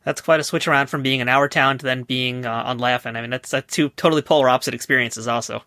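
A man's voice: medium pitch, steady tone, fast, bright, forceful tone, dry recording, studio quality. A man hosting a casual interview, asking curious follow-up questions and nudging his guest along. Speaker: podcast host.

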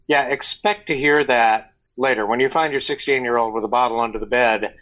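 Middle-aged guy, earnest, talking parenting tips, normal pitched voice. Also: steady tone, fairly quick, few pauses, bright, forceful tone, low-quality recording. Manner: earnest, advice-giving, acts out parent quotes. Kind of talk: casual chat.

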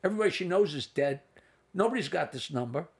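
A comedian in his sixties tells long anecdotes in a relaxed interview, doubling back and adding asides. His voice is gravelly with a slightly raised pitch. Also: quick pace. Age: 60s. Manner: rambling anecdotes with asides and restarts. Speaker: comedian guest. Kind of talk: storytelling in a casual interview.

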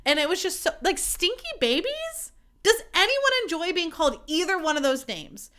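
Bright-voiced young woman podcaster. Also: extremely high pitch, normal speed. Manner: candid, profane, animated and self-mocking. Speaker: podcast host. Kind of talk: casual solo podcast chat.

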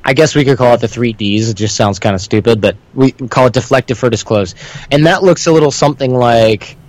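A man's voice: mid-range voice, a little fast, a little mellow, poor audio. A man speaking as a guest instructor, telling stories in a rambling, conversational way and briefly acting out the voices of people he quotes. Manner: rambling, self-described windbag; acts out quoted voices within anecdotes. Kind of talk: conversational storytelling.

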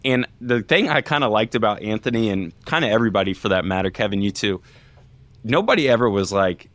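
Teasing lower-voiced podcast co-host. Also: male voice, animated, fairly bright tone, no echo. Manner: teasing, fast, ribbing. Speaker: podcast co-host, former walk-on. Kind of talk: casual chat, teasing co-hosts.

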